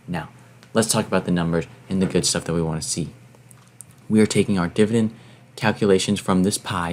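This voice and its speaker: A man's voice: deep voice, darkish tone. A man hosting his own channel, walking through calculations step by step and urging viewers on in a motivational way. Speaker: finance channel host. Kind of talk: explaining to camera.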